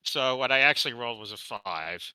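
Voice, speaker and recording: A man's voice: mid-range voice, expressive, a little fast, bright, forceful tone, clean tone, rough recording. A man playing a tabletop game as a player, stammering and repeating words. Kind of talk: tabletop role-play.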